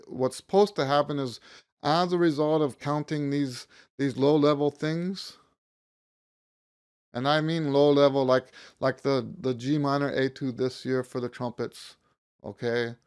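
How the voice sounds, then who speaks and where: A man's voice: medium pitch, a little mellow. A man teaching a music lesson, counting beats aloud and stopping to rephrase himself as he explains.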